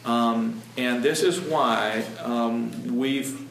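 A man earnestly talking about Christian parenting in a halting, emphatic way. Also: mid-range voice, vocal fry, fairly bright tone. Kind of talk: conversational talk. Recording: echoey room, distant mic, background noise.

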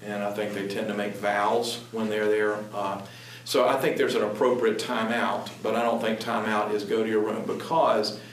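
A man earnestly talking about Christian parenting in a halting, emphatic way. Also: fairly low pitch, little pitch movement. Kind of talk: conversational talk. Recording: echoey room, distant mic, background noise.

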